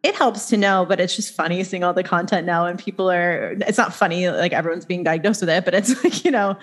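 A woman in her thirties hosting a podcast in casual conversation, chatty and animated, laughing often as she tells stories. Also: fairly low pitch, fairly quick.

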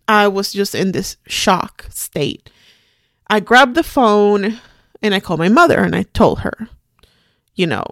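A middle-aged woman hosting a podcast, telling a personal story in a halting, quiet, shaken way with many restarts. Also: mid-range voice, no room sound, studio quality. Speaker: podcast host.

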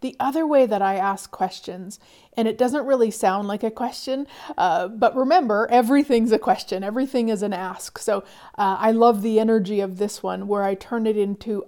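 Soft-spoken woman coach, mellow voice. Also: on the high side, moderate pace. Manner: soft-spoken, sighs often, drops to whispers. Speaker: money mindset coach. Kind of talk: motivational talk.

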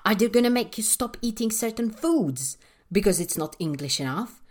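Polish-accented woman, teacher trainer, passionate podcast rant, very animated pitch. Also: normal speed. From Poland. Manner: passionate, emphatic, rhetorical questions.

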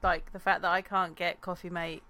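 Bright, low-voiced woman, teasing. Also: level tone, normal speed. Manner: teasing, dry asides, laughing along. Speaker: podcast co-host. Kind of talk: casual chat.

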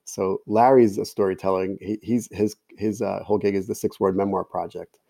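A man's voice: lowish voice, fairly even intonation, fairly quick, gravelly, dark tone, dry recording. A man telling a long personal story in casual talk, quoting others in his own voice. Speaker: podcast guest, storyteller.

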